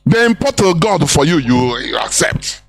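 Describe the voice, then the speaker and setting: A man's voice: on the high side, sing-song, normal speed, gravelly, faint music behind. A Nigerian-accented man giving an impassioned, preachy live broadcast talk, repeating phrases and slipping into pidgin and Igbo. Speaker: broadcast speaker.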